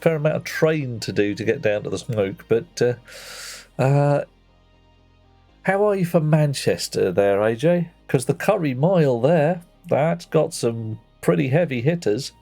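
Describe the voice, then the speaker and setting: A man's voice: medium pitch, expressive, a little slow, vocal fry, a little mellow, faint music behind. A man chatting playfully with viewers while playing a game on a livestream, greeting them by name. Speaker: streamer. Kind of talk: casual livestream chat while gaming.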